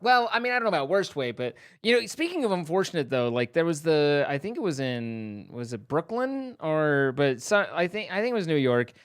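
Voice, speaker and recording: A man's voice: fairly high pitch, very animated, brisk, few pauses, smooth, no room sound, studio quality. A man co-hosting a stream, rambling in casual chat with many fillers and restarts. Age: middle-aged. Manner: rambling, self-interrupting, lots of fillers. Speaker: streamer co-host.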